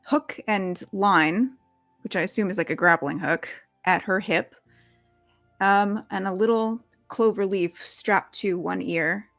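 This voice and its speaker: A woman who plays in a tabletop game, describing her character in a measured, gentle way. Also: lowish voice, creaky.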